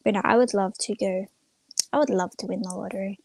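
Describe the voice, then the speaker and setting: A woman's voice: medium pitch, fairly even intonation, fairly quick, creaky, darkish tone, no echo. A young woman chatting casually on a livestream, rambling and retelling stories with lots of "I'm like.". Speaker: streamer.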